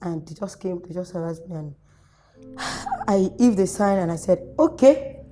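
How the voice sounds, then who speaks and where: A young Nigerian woman, an activist guest in an interview, telling her story in a lively way and acting out the voices she quotes. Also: fairly low pitch, fast. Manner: animated, acts out quoted voices.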